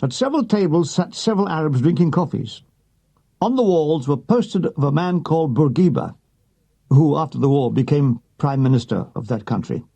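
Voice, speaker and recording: Male memoir reader, gravelly and husky, mellow tone, dry comic timing. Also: fairly high pitch. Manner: dry comic delivery with voiced quotes. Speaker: audiobook reader. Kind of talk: reading a wartime memoir aloud.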